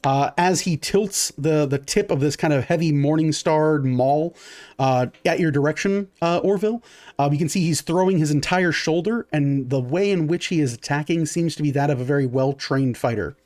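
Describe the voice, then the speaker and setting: A man with a slightly high voice runs a tabletop game as game master. He narrates the action casually, stopping on "uh" fillers and tallying up dice out loud. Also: normal speed. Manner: relaxed, many "uh" fillers, counts out dice.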